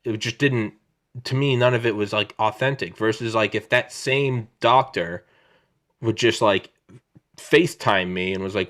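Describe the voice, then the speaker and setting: A man's voice: fairly low pitch, unhurried. A man in his thirties hosting a podcast, chatting casually over a video call on his own microphone, rambling and swearing as he tells stories. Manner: rambling, profane, animated storytelling. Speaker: podcast host. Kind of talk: casual chat.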